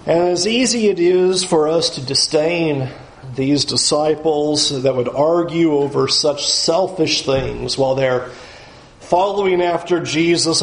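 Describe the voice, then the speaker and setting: A man's voice: on the high side, echoey room, low-quality recording. A man preaching a sermon as pastor, conversational and humorous, acting out quoted voices along the way.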